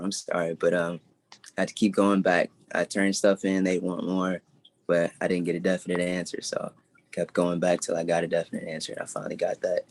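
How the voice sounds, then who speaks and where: A young man, a former student on a casual video call, talks in a relaxed, halting way with lots of "yeah" and "so". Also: deep voice. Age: young adult.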